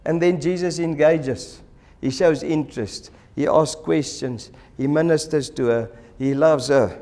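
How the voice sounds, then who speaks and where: A man preaching a sermon in church, animated and acting out the voices of the people in his stories. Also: fairly high pitch, unhurried. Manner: animated, acts out quoted voices. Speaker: pastor.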